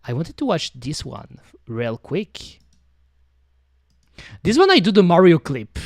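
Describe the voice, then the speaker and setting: A woman streamer chats casually from her home setup, her voice low but swinging widely in pitch. Her phrasing is expressive and a little non-native, and the sound is dry and close to the mic. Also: slow, dry recording. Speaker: VTuber streamer. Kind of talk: casual chat. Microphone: studio microphone.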